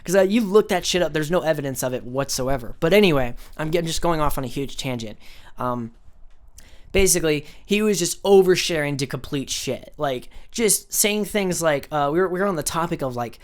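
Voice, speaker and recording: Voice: mid-range voice, animated, a little fast. A young adult vlogger telling a story in a casual rant, rambling through fillers and swearing freely. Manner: rambling, filler-heavy, profane, with scornful asides.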